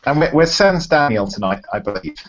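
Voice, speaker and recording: Lively joking man on a dull call line. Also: mid-range voice, fairly quick. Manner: playful, joking, laughs easily. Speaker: podcast co-host. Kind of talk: casual chat.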